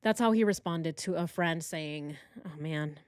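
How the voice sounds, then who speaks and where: A woman hosting a true crime channel, reading text messages aloud with indignant, sarcastic commentary into a boom-arm microphone. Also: normal speed, clean tone, no echo, clean studio sound.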